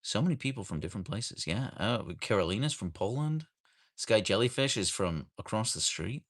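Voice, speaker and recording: A man's voice: on the low side, very animated, normal speed. A man hosting a casual livestream from home, greeting viewers by name and reading their comments aloud. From United States. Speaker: livestream host reading chat. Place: home, rainy day. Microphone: camera on a tripod.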